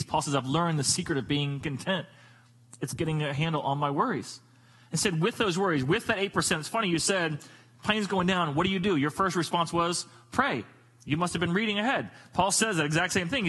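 A middle-aged man preaching a sermon in an animated, joking storytelling manner. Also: slightly rough, poor audio. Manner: animated, jokey storytelling with sudden pitch jumps. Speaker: pastor.

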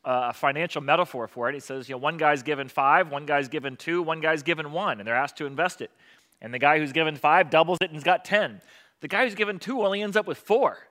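A male pastor giving a conversational sermon, often pausing with fillers. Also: fairly high pitch, pushed and bright. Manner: conversational preaching with many fillers.

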